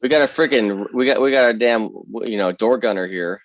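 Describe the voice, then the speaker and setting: A man's voice: lowish voice, brisk, no room sound, muffled recording. A man playing a tabletop game, bantering casually, joking and swearing freely. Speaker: player.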